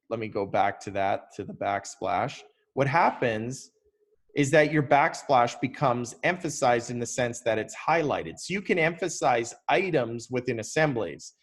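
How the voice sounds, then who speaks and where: A man talks through a software demo in an easygoing, conversational way, his voice sitting at an ordinary middle pitch. He restarts sentences and leans on fillers, like someone thinking aloud while clicking through a screen. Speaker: software tutorial presenter. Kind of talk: casual screen-share software walkthrough.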